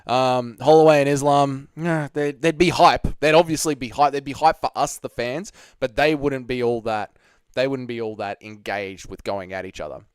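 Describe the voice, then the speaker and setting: Young aussie guy chatting on his stream, swears a lot, clear smooth voice, dry mic. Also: medium pitch, fairly even intonation, moderate pace, no echo. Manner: chatty, swears, reads out viewer comments. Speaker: livestream host. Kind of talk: casual live-stream chat reading comments.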